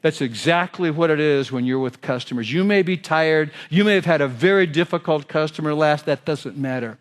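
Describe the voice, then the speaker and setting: A man's voice: fairly high pitch, fairly quick. A man giving a keynote speech on sales, telling stories and questioning the audience. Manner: storytelling with quoted voices and audience questions. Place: large hotel ballroom. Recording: long hall reverb.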